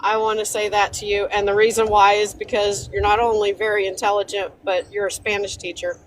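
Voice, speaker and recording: A woman's voice: mid-range voice, little pitch movement, a little fast, slight background noise, low-quality recording. A middle-aged woman with an Oklahoma accent, calling into a live stream to chat earnestly and kindly. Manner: earnest, apologetic, friendly. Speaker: caller.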